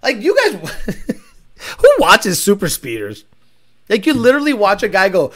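A man's voice: high-pitched, wildly swooping pitch, measured pace, long pauses, fairly bright tone. A man hosting a casual reaction video, rambling and joking in a crude, profane way. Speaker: host.

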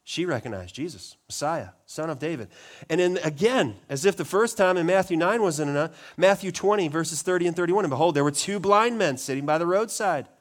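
A male pastor delivering an impassioned sermon in a slightly high voice. He swings between loud, urgent pleas and quiet, hushed stretches, acting out the cries of the people he describes. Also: animated, fairly quick.

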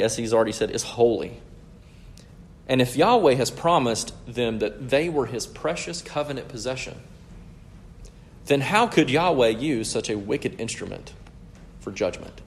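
A man preaching a sermon with an earnest, explaining manner, his pitch sitting in an ordinary middle range. He keeps checking in with the congregation as he teaches. A faint noise sits under the recording. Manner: earnest, teaching tone, asks "right?" often. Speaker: pastor.

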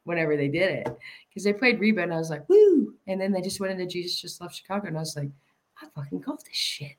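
A man's voice: sits high, rapid-fire, fairly bright tone, a little hiss or hum. A man chatting casually, rambling through stories with many fillers and frequent laughs. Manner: rambling storyteller, laughs often. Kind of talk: casual chat.

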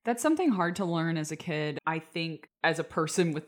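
Low-pitched woman, twenties, podcast host; relaxed, reflective chat with frequent laughs. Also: fairly quick. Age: 20s. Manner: chatty, reflective, laughs often. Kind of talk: casual podcast conversation.

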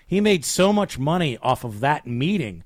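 A man's voice: fairly high pitch, moderate pace, no echo, clean studio sound. A man co-hosting a podcast, retelling a behind-the-scenes story in casual chat and acting out the quotes. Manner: animated retelling with acted-out quotes. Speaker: podcast co-host.

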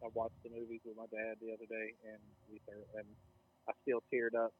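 A man's voice: fairly low pitch, a little fast, narrow, tinny audio. A man co-hosting a casual podcast chat, swearing freely and getting worked up as he talks. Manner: excitable, profane, gets worked up. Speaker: podcast co-host.

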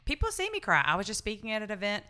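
A woman's voice: medium pitch, wildly swooping pitch, racing, pushed and bright, smooth. A woman mayor with a Southern US accent chatting candidly and emotionally, rambling with restarts. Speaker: city mayor. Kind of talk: casual panel chat.

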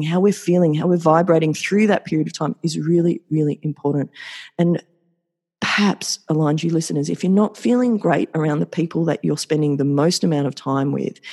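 A man's voice: fairly high pitch, darkish tone, breathy edge. A man hosting a solo podcast, talking in an upbeat, effusive and motivational way and repeating words for emphasis. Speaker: podcast host.

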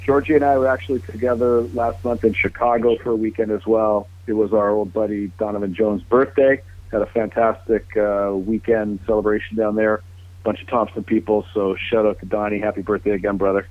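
Low-voiced man on a dry phone line. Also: flat delivery, brisk, dry recording. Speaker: podcast guest. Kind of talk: casual shout-out. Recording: dry tinny call audio.

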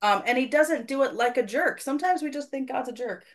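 A woman with a high, brisk voice hosts a faith podcast, sharing a personal church story in casual conversation. She comes across as earnest and self-deprecating.

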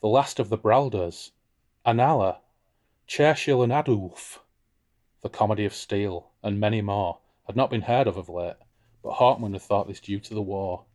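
A man's voice: lowish voice, normal speed, a little mellow. A man hosting a casual book discussion podcast, irreverent and jokey. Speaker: podcast host.

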